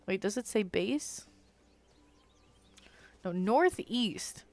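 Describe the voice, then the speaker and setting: A woman's voice: medium pitch, animated, extremely slow, darkish tone. A young adult woman chatting casually while streaming a game, rambling on and filling her speech with "like.". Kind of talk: casual live-stream chat while gaming.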